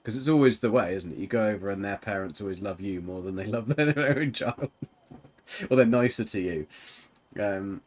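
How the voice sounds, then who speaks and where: A man's voice: low-pitched, fairly quick, darkish tone. A man streaming a game and chatting casually with a teammate, rambling with lots of fillers and giggles. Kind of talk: casual chat while gaming.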